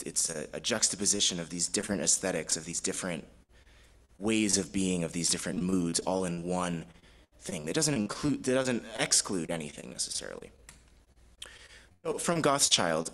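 A man's voice: fairly low pitch, fairly bright tone, low-quality recording. A man giving an academic presentation, speaking thoughtfully and hesitantly with frequent restarts, and reading quotations aloud. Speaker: fellowship presenter.

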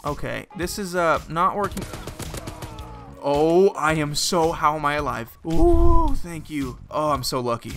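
A young man giving excitable, exclaiming, self-mocking commentary while he plays a shooter game. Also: a little high. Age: young adult. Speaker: gaming video host. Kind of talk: live gameplay commentary.

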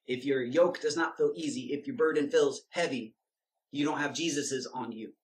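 A man's voice: medium pitch, normal speed. A man giving informal Bible teaching in an emphatic, direct way that turns into preaching. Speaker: Christian video teacher.

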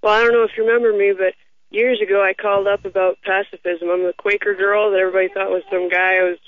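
Calling a radio talk show, this woman comes across as earnest and preachy in a casual call-in chat. She talks quickly in a mid-range voice with little pitch movement, heard through a tinny phone line without echo.

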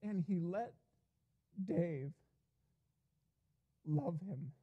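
A man's voice: sits high, expressive, extremely slow, breathy edge, phone-quality sound. A man pastor preaching a sermon in a church, telling a story in an earnest way, often starting with "and, uh". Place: church sanctuary.

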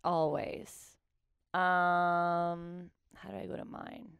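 A woman hosts a casual comedy podcast. She talks bluntly, swears freely and laughs often. Her voice is smooth and clear, and the sound is dry and close. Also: fairly low pitch, level tone, drawn-out words, no room sound, muffled recording. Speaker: podcast host.

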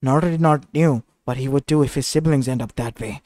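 A man's voice: medium pitch, fast talker, darkish tone, dry recording. A man narrating a fan-fiction story in a casual, rambling way, often restarting his sentences.

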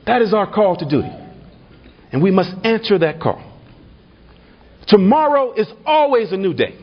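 A man speaks at a party dinner in a banquet hall. His voice is high and a little husky, and he builds his speech into rousing repeated refrains. The recording is dull and lo-fi. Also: big pitch swings, normal speed. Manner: builds to rhetorical refrains, tells a humorous anecdote. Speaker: political speaker.

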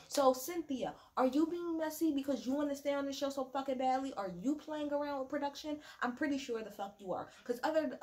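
A woman giving a casual, profane, sassy rant reviewing a reality show, with quick mocking asides. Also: high voice, a little mellow. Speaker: reality TV recap vlogger. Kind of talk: casual ranting recap.

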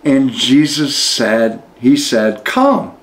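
Man, book study leader, reads aloud and explains, very slow, reflective, roomy echo. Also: a little high, expressive. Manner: reflective, pausing to explain passages. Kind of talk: reading aloud with spiritual commentary. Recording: echoey room.

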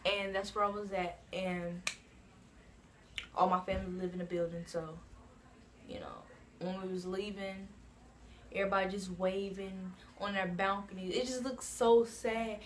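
A woman's voice: mid-range voice, fairly even intonation, measured pace, long pauses, slight background noise. A woman from New Jersey telling a casual storytime on her own channel, rambling and filling her talk with asides like "you know what I'm saying". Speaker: vlogger.

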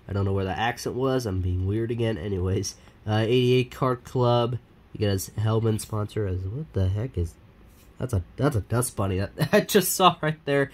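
A man talks casually through an unboxing vlog in a fairly low voice. He rambles, stops to correct himself, and fills the gaps with lots of "uh"s. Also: fairly quick. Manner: chatty and rambling, with many fillers and self-corrections. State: sniffly. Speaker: die-cast collector and YouTuber.

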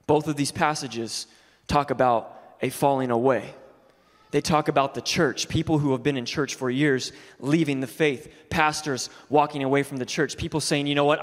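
A young adult man, a youth pastor, preaching an energetic sermon that moves from quiet, low talk to loud shouted exhortation. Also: in a large hall. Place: church sanctuary.

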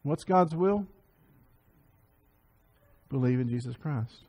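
A man preaching a Sunday sermon to his congregation, often repeating and restarting words and building to loud emphatic peaks. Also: mid-range voice, animated, slow, breathy edge. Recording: sermon audio over slides.

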